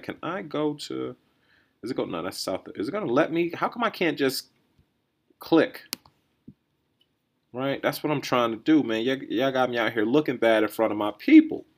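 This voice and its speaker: A man hosting a solo podcast, riffing in a rambling, think-out-loud way with lots of restarts and "right?" tags. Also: medium pitch. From New Jersey or New York area, USA. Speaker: podcast host. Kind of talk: casual solo commentary.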